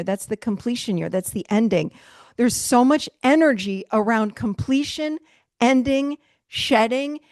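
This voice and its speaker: A middle-aged woman coaching a virtual mastermind group, emphatic and animated, laughing often as she teaches over a video call. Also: fairly high pitch, vocal fry, no room sound, studio quality. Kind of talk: live motivational teaching.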